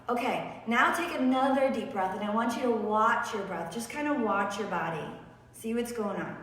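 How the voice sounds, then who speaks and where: A woman's voice: mid-range voice, a little fast. A woman teaching a beginner yoga class on a live stream, encouraging and often checking in with her students. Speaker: yoga instructor. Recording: roomy echo, distant mic, faint room noise.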